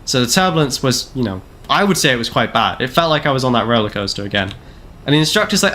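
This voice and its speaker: Casting: young man in his twenties, mid-pitched, rambling and jokey gameplay streamer. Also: sing-song, quick pace, pushed and bright. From Canada. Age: 20s. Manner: rambling, self-deprecating, jokey, lots of "like" fillers. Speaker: game streamer. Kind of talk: casual gameplay live-stream chat.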